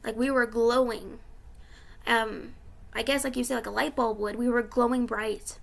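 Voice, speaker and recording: Young woman vlogger, high gravelly voice, tearful, rambling casual storytelling. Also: steady tone, moderate pace. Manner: rambling with many fillers, emotional. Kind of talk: casual retelling of a dream.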